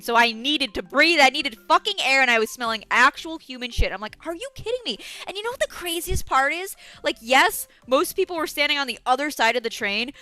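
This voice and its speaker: A woman's voice: high voice, sharp tone, no room sound. A young woman from New York streaming and ranting to chat, swearing constantly and answering viewers with outrage. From New York City. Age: young adult. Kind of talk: casual livestream chat.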